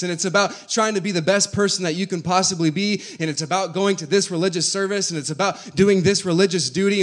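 Man preaching with rising fervor. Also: high-pitched. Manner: swings from soft conversational teaching to loud rising exhortation. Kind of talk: sermon.

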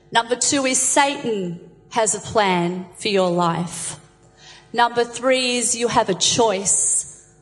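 A woman delivering a sermon, telling stories with lively voices for the characters. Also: on the high side, long reverb tail, low-quality recording. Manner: animated storyteller, voices the jokes' characters. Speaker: preacher.

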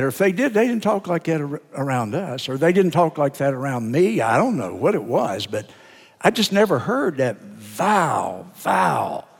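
An older man, a pastor of many years, preaching a sermon in an earnest, deliberate way, drawing out words for emphasis. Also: on the high side, breathy edge. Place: church sanctuary. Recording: sermon in a reverberant church sanctuary.

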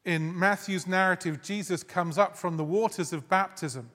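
A man's voice: sits high, moderate pace. Man preaching in a reverberant church. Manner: conversational and gently humorous, reads scripture aloud. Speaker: guest preacher. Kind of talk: sermon. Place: church sanctuary. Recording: long hall reverb.

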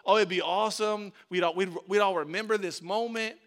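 A man voicing an impulsive male disciple who excitedly blurts out his ideas. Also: sits high, brisk.

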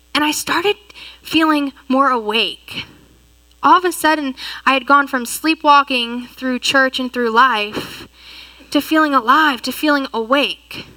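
Young woman youth leader telling her story in a sermon, earnest and lively, really bright voice. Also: sits high, no room sound, low-quality recording. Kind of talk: personal testimony sermon.

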